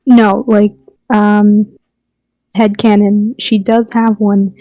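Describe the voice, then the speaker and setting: A woman playing a tabletop game, chatting and quickly explaining her character's choices. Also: mid-range voice, little pitch movement, mellow, dry recording, lo-fi sound. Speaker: player. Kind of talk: casual tabletop game play.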